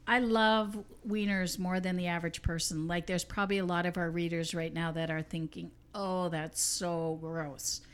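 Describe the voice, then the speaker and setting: A woman co-hosting a relaxed podcast, talking with playful enthusiasm. She tells little stories about herself in casual chat. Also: lowish voice, a little fast, few pauses, clean tone. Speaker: podcast co-host.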